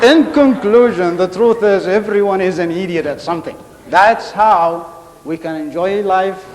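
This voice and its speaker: Man, high voice, comic speechmaker doing characters, big reverberant hall. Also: a little hiss or hum. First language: Arabic. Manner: storytelling, acting out quoted characters. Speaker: contest speaker. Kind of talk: humorous public speech. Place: large hall on stage.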